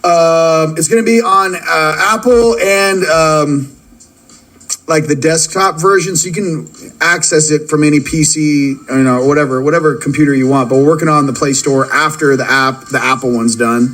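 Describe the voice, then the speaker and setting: An excitable man with a fairly high voice hosts a live stream, rattling off viewers' locations between stretches of spiritual talk. He laughs often and keeps up a hyped, rapid-fire delivery. Soft music plays faintly underneath. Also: rough recording. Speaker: livestream host.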